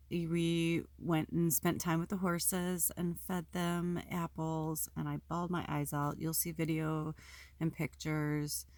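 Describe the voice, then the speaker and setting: A woman's voice: on the low side, no room sound, studio quality. A woman host talking casually and emotionally about her life at home, rambling with many fillers and some swearing. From Pacific Northwest United States. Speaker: spiritual video host. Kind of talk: casual personal vlog talk.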